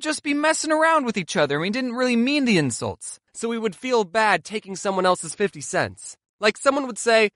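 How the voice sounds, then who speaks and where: A young man telling comedic stories about his childhood, animated and sarcastic, with deadpan asides. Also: sits high, brisk, hardly any pauses, no room sound, clean studio sound. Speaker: vlogger. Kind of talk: comedic storytime monologue.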